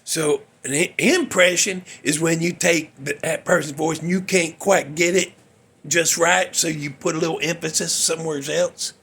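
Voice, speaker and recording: A man's voice: high-pitched, fairly bright tone, husky. A man hosting a casual music talk show, rambling, mocking himself and losing his place. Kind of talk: casual chat.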